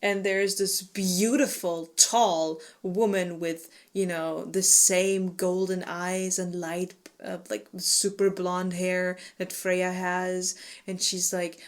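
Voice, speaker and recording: A woman co-hosting a casual book discussion podcast, animated and swearing freely. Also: on the low side. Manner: animated, swearing, quick to laugh. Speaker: book club podcast co-host.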